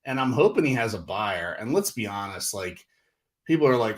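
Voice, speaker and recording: A man talks casually on a livestream. His voice sits at a middle pitch and rises sharply when he gets worked up. He is animated and exasperated, and his talk is full of "like" and "you know.". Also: moderate pace. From Northeastern US. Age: 40s. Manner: animated, exasperated, lots of fillers. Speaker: livestream host.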